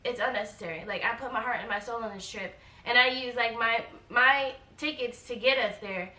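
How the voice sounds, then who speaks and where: A woman in her forties telling a travel storytime in a casual, animated way, acting out quoted lines and repeating herself. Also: on the high side, a little fast, recorded from a distance. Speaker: travel vlogger. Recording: echoey room, voice a bit off-mic.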